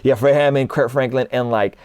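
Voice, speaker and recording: A man in his thirties, a guest in a casual conversation, telling stories in an animated way and acting out what others said. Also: mid-range voice, a little fast. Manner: animated storyteller, acts out quotes.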